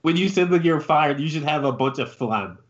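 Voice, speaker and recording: A man co-hosting a casual chat, relaxed, with many likes. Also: on the high side, brisk, dull audio. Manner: relaxed, heavy use of "like". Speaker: podcast co-host.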